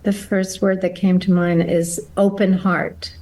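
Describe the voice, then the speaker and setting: Slow, thoughtful woman interview guest. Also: on the low side, level tone, dark tone, poor audio. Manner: thoughtful, searching for words. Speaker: actor and guest. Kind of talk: reflective interview talk.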